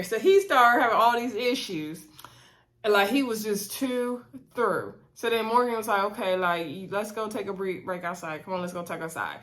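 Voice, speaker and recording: A woman recaps a reality dating show in a casual, gossipy way, acting out what the cast said. Her mid-range voice is measured in pace, and her delivery is animated.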